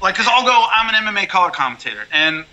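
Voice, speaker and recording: A man talking as a guest in a casual interview, blunt and animated, telling stories with many restarts. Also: sits high, quick pace, lo-fi sound. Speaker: MMA color commentator, guest.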